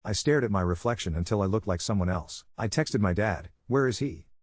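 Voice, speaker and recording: A man reading a first-person story aloud in a steady, measured narrating style. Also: on the low side, husky, dry recording, clean studio sound.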